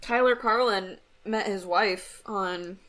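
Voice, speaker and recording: A young woman co-hosting a podcast in casual chat, bubbly and teasing and quick to laugh. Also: mid-range voice, a bit bright. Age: young adult. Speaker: podcast co-host.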